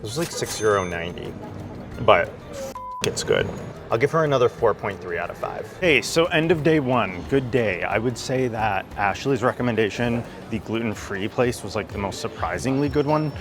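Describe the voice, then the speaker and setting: A man in his thirties from the United States talks through a casual food vlog, chatty, excitable and quick to swear. His voice sits a little low, and faint music plays under him. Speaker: food vlogger. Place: streets and bakeries of a city, outdoors.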